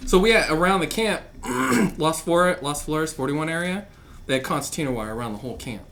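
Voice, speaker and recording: A man in a casual podcast chat, telling profane, animated stories and acting out loud quotes. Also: on the high side, fairly quick, creaky.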